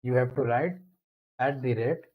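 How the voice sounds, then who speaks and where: A man's voice: mid-range voice, narrow, tinny audio. A man explaining a programming lesson step by step as he types code in a screencast tutorial. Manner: slow, step-by-step explaining while typing.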